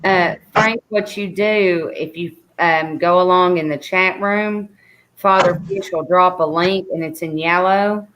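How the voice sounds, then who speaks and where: A woman with a Southern American accent chats casually on a livestream, speaking over a video call. Her voice sits low for a woman, and she rambles, filling her talk with lots of ums and likes. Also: steady tone, a little slow, a bit bright. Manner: chatty, rambling with many fillers. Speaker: guest co-host on a livestream. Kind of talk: casual chat.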